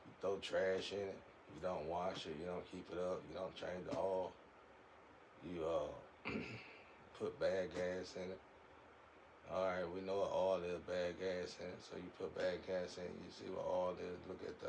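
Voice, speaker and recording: A man's voice: lowish voice, a little hiss or hum, rough recording. A man giving a rambling, preachy spiritual monologue in a casual way, often repeating his words.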